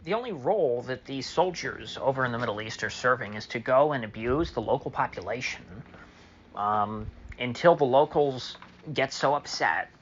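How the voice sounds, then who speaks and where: A man's voice: mid-range voice, animated, normal speed, fairly bright tone, highs cut off, slight background noise. A man delivering a solo opinion monologue as a political commentator, sarcastic and mocking, with many fillers.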